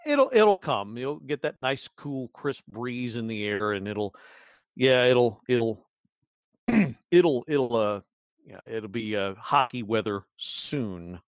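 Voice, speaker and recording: A man's voice: medium pitch, expressive, slow pace, no room sound. A man hosting a casual podcast, rambling with many restarts and chuckles. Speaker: podcast host.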